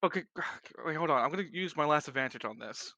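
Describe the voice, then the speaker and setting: A man playing his character in a tabletop game, talking earnestly and letting out frequent sighs. His voice is bright and a touch high for a man, recorded close and dry with no room sound. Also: animated, a little fast, dry recording, dull audio. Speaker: player.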